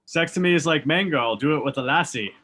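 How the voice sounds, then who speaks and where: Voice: mid-range voice, fast talker, fairly bright tone, slightly rough. An improv performer on a video call, hesitant with fillers. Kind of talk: improv comedy one-liners.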